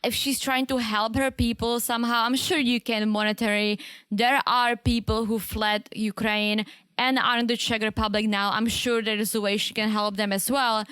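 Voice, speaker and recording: A woman gives her opinions on reality TV couples in a relaxed, candid way. Her voice sits a little high. The sound is dry and close to the mic. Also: moderate pace, clear, resonant tone, dry recording. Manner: opinionated, laughs easily. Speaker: podcast co-host. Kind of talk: casual recap chat.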